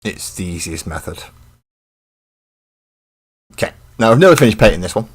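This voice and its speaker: A man's voice: low voice, big pitch swings, normal speed, husky. A man chatting casually on a live stream while he paints miniatures, laid-back and rambling, and blunt with trolls.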